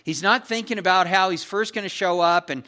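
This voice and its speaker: A man's voice: high-pitched, fairly quick, bright, forceful tone. A man preaching an expository sermon in a conversational, emphatic way, often checking in with his listeners. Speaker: pastor.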